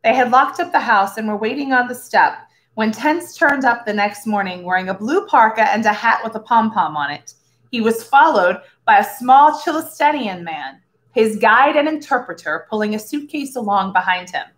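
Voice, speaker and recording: A woman reading a story aloud to schoolchildren, expressive and ready with character voices. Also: medium pitch.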